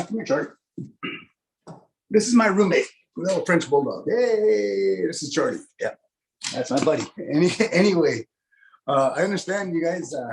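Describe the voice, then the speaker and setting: A man's voice: fairly high pitch, darkish tone, slight background noise, rough recording. A man doing casual stand-up comedy from his home over a video call, chatty with lots of "eh" and "you know".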